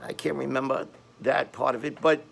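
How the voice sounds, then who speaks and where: An older man with a thick Brooklyn accent tells a story from his youth in a casual, rambling way. His voice is gravelly, and he doubles back on his words as he builds toward the action. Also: mid-range voice, normal speed. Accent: Brooklyn New York. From Brooklyn, New York. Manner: rambling, animated street-tough storytelling with frequent restarts.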